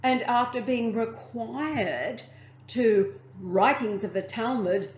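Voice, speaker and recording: A woman's voice: a little high, slow pace. A woman reading aloud from a religious text and stopping to comment on it, formal as she reads and chatty in her asides. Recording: muffled, echoey room.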